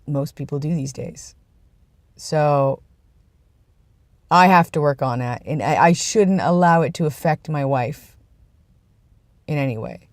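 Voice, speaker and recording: A man's voice: on the high side, measured pace, long pauses, no room sound, studio quality. A young man vlogging in a casual, earnest and rambling way, often restarting his sentences. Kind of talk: casual personal vlog. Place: outdoors, about to go inside.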